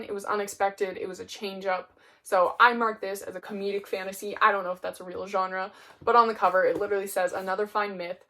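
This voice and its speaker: A woman's voice: mid-range voice, a bit bright. A young woman talking casually about books she read, chatty and full of "like" as she goes. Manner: chatty, peppered with "like". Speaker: book reviewer. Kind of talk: casual chat.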